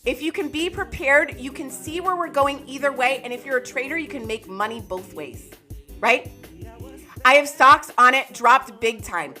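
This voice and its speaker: An excitable, loud woman, hosting a live chart analysis stream and talking to viewers by name. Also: high voice, moderate pace, faint music behind. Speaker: crypto market streamer.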